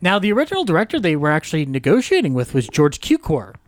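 A man's voice: on the high side, huge pitch swings, fast, no room sound, studio quality. A man co-hosting a podcast, chatting casually about film history in a jokey way, laughing often. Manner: jokey, laughs often, throws in silly impressions. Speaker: podcast co-host.

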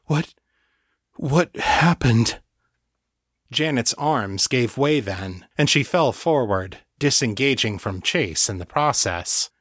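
A man reading a story aloud in a steady, measured scripted narration. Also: mid-range voice, no echo, studio quality. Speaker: audiobook narrator.

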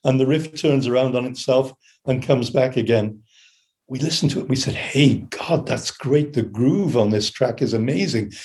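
Older man telling studio stories, mellow voice. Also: mid-range voice, moderate pace. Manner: animated anecdotes, acts out quotes and hums melodies. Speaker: session keyboard player telling studio stories. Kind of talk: casual storytelling interview.

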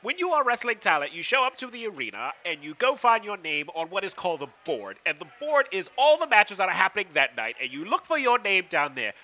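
A man co-hosting a podcast, chatting about wrestling in a sarcastic, animated way. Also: high voice, brisk, few pauses. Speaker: podcast co-host. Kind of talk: casual wrestling chat.

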